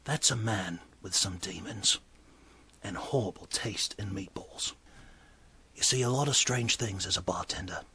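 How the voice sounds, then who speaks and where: A man voicing a chatty male bartender, telling a bar story in a breathy voice. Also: lowish voice, unhurried, heavily acted. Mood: gossipy storytelling. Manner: exclaims loudly, then drops to hushed asides. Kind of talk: comedic character monologue.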